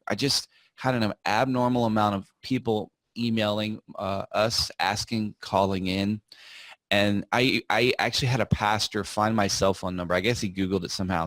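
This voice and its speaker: A man speaking as a podcast guest, telling a story in a relaxed, rambling way with frequent fillers and restarts. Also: lowish voice, dry recording. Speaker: podcast guest, software founder. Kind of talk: casual interview storytelling.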